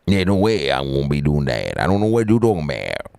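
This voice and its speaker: A man's voice: extremely low pitch, wildly swooping pitch, fairly quick, creaky, a little mellow, no room sound, voice pushed down, exaggerated voice. A man putting on a goofy, exaggerated Cajun accent that he calls horrible.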